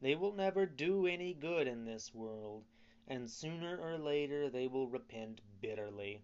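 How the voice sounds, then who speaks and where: A man voicing a hundred-year-old talking cricket in a storybook reading, lecturing calmly and solemnly. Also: mid-range voice, a little slow, clean tone, lo-fi sound, lightly acted. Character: ancient talking cricket, calm and preachy.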